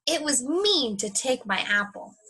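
Teacher doing a put-out schoolkid boy, high, bouncy storybook read. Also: very animated, unhurried, sharp tone, slightly rough, heavily acted, poor audio. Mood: annoyed. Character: schoolboy whose apple was taken.

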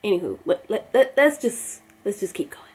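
A woman's voice: mid-range voice, big pitch swings, moderate pace, heavy background noise. A young woman hosting a reaction video, chatting in a baffled, talkative way and sometimes dropping to a whisper. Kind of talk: casual reaction commentary.

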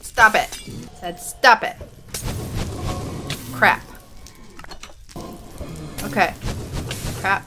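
A woman's voice: medium pitch, drawn-out words, pauses often, bright, forceful tone, soft background music. A woman giving running commentary on her own gameplay, exasperated and self-mocking as she fails and retries. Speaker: gaming channel host.

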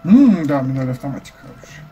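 A man's voice: medium pitch, sing-song, quick pace, dark tone, lo-fi sound, faint music behind. A man giving casual let's-play commentary, muttering, puzzled and swearing. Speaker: game streamer.

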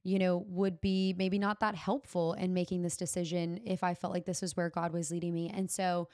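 A woman's voice: fairly low pitch, flat delivery, normal speed, a little mellow, dry recording. Young woman podcaster, earnest and open, dry close sound. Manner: earnest, heartfelt, uses Southern "y'all". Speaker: podcast host. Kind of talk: personal storytelling.

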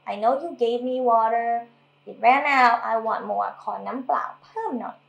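A woman's voice: on the high side, vocal fry, highs cut off. Woman teaching language in an echoey room. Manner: explains patiently, repeating and modelling words slowly. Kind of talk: casual language lesson.

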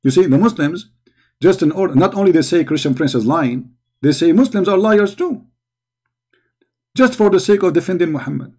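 Guy ranting over a video, sarcastic and mocking, a bit high voice. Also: expressive, moderate pace, long pauses, mellow, slightly rough. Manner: sarcastic, mocking, repeats words heatedly. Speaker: host reacting to a video. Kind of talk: commentary on a played video.

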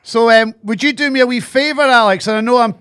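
A Scottish man hosts a casual podcast interview, putting chatty, teasing questions to his guest. His voice runs very high. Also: quick pace, sharp tone, smooth. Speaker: podcast co-host.

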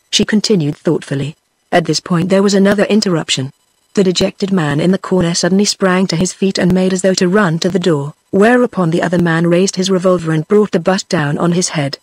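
A text-to-speech woman's voice with a British English accent, reading a short story aloud in one even synthetic manner for every character. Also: lowish voice, brisk, slightly rough, no room sound. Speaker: audiobook narrator.

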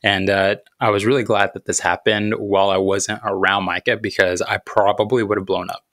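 A man's voice: on the low side, level tone, fairly bright tone, no room sound, studio quality. A man in his thirties, a podcast host telling a personal story about faith and parenting in an earnest, reflective way. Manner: earnest, reflective, unhurried, with thoughtful pauses.

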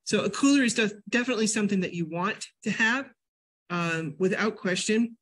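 An older woman from New England giving a casual health talk at a library, a chatty, animated storyteller. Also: mid-range voice, a little fast, a little hiss or hum. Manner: chatty, animated storyteller with sudden loud jumps and laughs. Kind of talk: casual lecture with personal stories.

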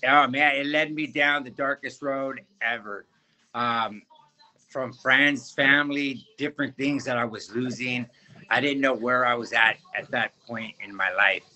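A man giving a fervent personal faith testimony in an interview, halting and often repeating his words. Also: medium pitch, steady tone, sharp tone, rough recording.

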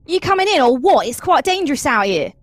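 A woman voicing a gruff, friendly male Aasimar warrior in a put-on Cockney accent that drifts toward Australian, coaxing and cheery. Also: high-pitched, very animated, quick pace, dry recording, pitched above the performer's own voice.

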